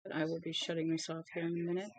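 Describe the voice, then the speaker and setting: A woman's voice: flat delivery, racing, dry recording. A woman chatting casually at home before reading a novel aloud, rambling between small talk and talking to her dog. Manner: rambling and chatty, talks to her dog in a high sing-song.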